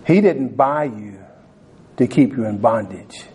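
Fervent preacher with a warm, mellow voice. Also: male voice, mid-range voice, lively intonation, unhurried, a little hiss or hum, rough recording. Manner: fervent, stumbling restarts, frequent "man"; asks the listeners questions. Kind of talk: sermon with storytelling.

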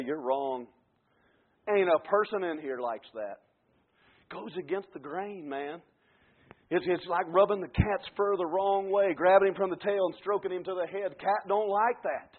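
A high-pitched man in his forties preaches a fervent sermon, moving from quiet, conversational asides to shouted climaxes. The sound is thin and narrow, like a radio broadcast heard over a phone line. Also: moderate pace.

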